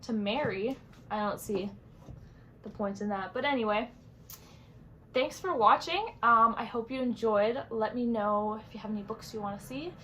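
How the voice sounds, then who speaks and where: A woman's voice: a little high, normal speed, bright, forceful tone, low-quality recording. Young woman vlogger, casual chatty book review, rambling with lots of fillers, faint hiss behind. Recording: faint background noise.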